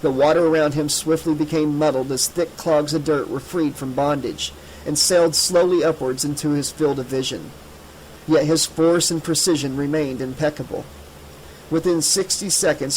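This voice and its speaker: Steady audiobook narrator, man, higher voice. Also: moderate pace, slight background noise, poor audio. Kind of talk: scripted narration.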